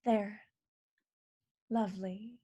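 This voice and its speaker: An actress playing a boisterous, drunk Southern woman from Georgia, loud and teasing, in a staged reading over a video call. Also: mid-range voice, fairly even intonation, drawn-out words, husky, dull audio. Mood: tipsy, combative.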